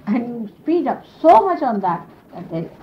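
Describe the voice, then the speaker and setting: A woman's voice: fairly high pitch, big pitch swings, a little slow. Woman teacher on muffled old archive tape. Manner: conversational, explanatory, sprinkled with "you see". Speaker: spiritual teacher. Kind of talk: informal spiritual talk to followers. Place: indoor gathering. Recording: dull lo-fi 1970s archive tape with faint hiss.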